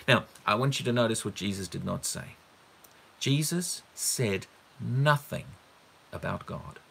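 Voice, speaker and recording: Emphatic preacher man with a bright voice. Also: lowish voice, animated, a little slow, gravelly, a little hiss or hum. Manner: emphatic, repeats words for stress, asks rhetorical questions. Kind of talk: teaching sermon on a Bible passage.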